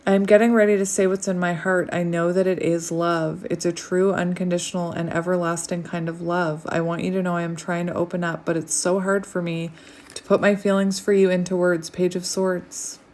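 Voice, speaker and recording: Chatty tarot reader woman, low-pitched. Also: flat delivery, moderate pace. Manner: chatty, rambling, many fillers, drifts into soft near-whispers. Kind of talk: casual channeled tarot reading. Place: home, outdoors light fading.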